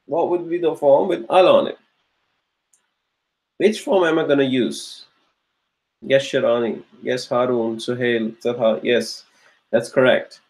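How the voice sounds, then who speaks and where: A man's voice: mid-range voice, measured pace, long pauses, darkish tone, poor audio. A man teaching an online grammar class, patiently repeating his questions and praising students by name as they answer. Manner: patient, encouraging drill questioning. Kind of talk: live online class lecture.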